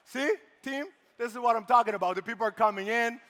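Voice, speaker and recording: A man's voice: high voice, a little fast. A man hosting a live conference stage, joking with the crowd and leading a clapping game. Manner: energetic, playful crowd banter. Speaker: event host. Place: large conference hall. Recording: long hall reverb.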